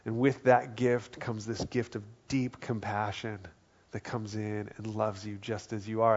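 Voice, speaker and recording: A man preaching a sermon as pastor, earnest, dropping to a hushed voice for quoted lines. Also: on the low side, muffled recording. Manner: earnest, drops to soft quiet tones for quoted words.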